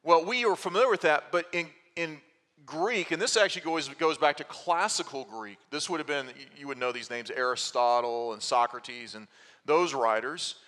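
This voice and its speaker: A man in the pulpit giving a teaching sermon, working through a passage with rhetorical questions and small restarts. His voice is bright and sits a little high. The sound carries a long hall reverb. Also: moderate pace. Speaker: pastor. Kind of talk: expository sermon.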